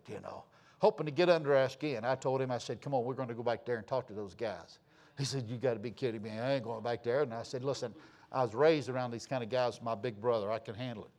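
A middle-aged man preaching a sermon, telling stories and swinging from loud to hushed. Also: medium pitch. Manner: folksy, animated storytelling with sudden loud and soft swings. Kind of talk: sermon with storytelling.

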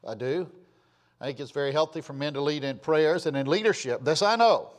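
A man preaching a sermon in an earnest, pleading way, his voice dropping softly at the ends of phrases. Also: on the high side, brisk, in a large hall.

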